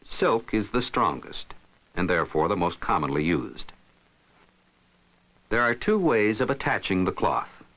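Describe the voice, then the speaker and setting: Man narrating a lively how-to lesson. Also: on the low side, measured pace, long pauses, poor audio. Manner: steady, instructive, step-by-step. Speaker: instructional film narrator. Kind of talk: scripted narration.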